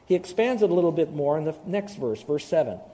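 Male Bible teacher for a radio sermon; animated preacher who acts out voices, slightly high and mellow. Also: quick pace.

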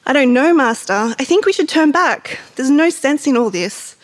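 A woman's voice: sits high, lively intonation, moderate pace, voice pushed up, rough recording. A woman reading aloud as a gloomy male talking horse, in a weary, hopeless, heavy-hearted way. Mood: despairing.

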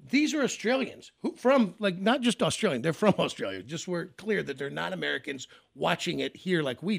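Male talk radio host, raspy and animated, joking, dry mic. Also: on the high side, dry recording. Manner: joking, self-deprecating, laughs often.

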